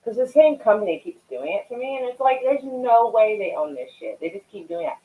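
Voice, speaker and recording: A woman's voice: fairly high pitch, big pitch swings, brisk. Rambling chatty woman, tinny audio. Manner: rambling, chatty, swears freely, greets chat viewers. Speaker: livestream host. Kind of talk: casual live-stream chat.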